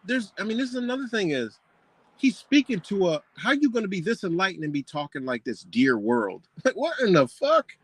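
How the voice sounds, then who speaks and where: A man's voice: sits high, sing-song, brisk, slightly rough, no echo. A man ranting in a scornful, profane commentary, mocking what he reads and firing off rhetorical questions. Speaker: commentator reacting to a book.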